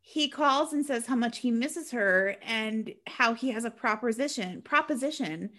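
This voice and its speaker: A woman co-hosting a casual podcast, recapping a movie plot in a chatty, animated way with sarcastic asides. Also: fairly high pitch, unhurried. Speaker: podcast co-host recapping a film. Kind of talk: casual chat.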